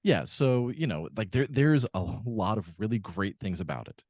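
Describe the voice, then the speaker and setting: A man's voice: fairly low pitch, sing-song, normal speed, darkish tone, no room sound, studio quality. A man co-hosting a podcast, talking through a film in casual chat with lots of fillers and restarts. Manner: rambling, many fillers and restarts. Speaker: podcast co-host.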